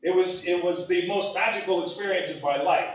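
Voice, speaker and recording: A man from Maui tells a story at a gathering and acts out each voice he quotes. His voice sits a bit high. He is heard from across a large echoey room on a dull, distant mic. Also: fairly quick. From Maui, Hawaii. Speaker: speaker sharing a memory at a gathering. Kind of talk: casual storytelling.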